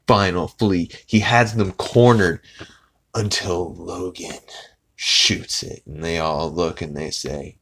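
Deep-voiced man rambling through a recap. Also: steady tone, takes it slowly, fairly bright tone, a little hiss or hum. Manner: rambling with many fillers and swearing. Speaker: podcast host. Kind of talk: casual episode recap.

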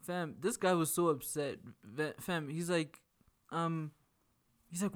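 Man, relaxed slangy banter, a bit higher voice, casual podcast chat. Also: slow. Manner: laid-back slangy banter, laughs while retelling stories.

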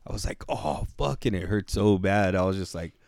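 A man's voice: sits low, level tone, fast talker, darkish tone, no echo, studio quality. A man casually telling a long story to a friend, rambling and swearing, full of "like" and "dude". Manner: profane, rambling, heavy with "like" and "dude".

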